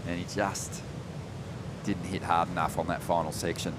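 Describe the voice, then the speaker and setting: A man calling a surf contest live, relaxed, rising in energy on big turns. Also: low voice, normal speed, noisy background. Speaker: surf commentator. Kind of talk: live sports commentary.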